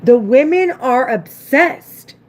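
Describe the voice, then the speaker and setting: A woman's voice: sits high, animated, slow pace. A woman vlogger talking to camera in an agitated, repetitive, rambling monologue. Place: at home, doing her makeup.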